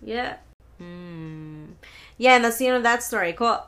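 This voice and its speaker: A woman's voice: mid-range voice, lively intonation, moderate pace, a bit bright, soft background music. A young woman hosting a solo podcast, telling rambling stories with lots of swearing and laughing asides. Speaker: podcast host. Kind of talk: casual solo podcast storytelling.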